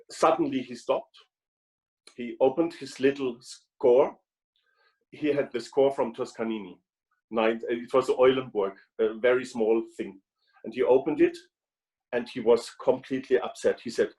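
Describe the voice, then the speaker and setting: A man, a guest trumpet player talking on a video call, speaking haltingly with many restarts and repeated words. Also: mid-range voice, darkish tone, low-quality recording. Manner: halting, frequent restarts and repetitions. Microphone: video call microphone.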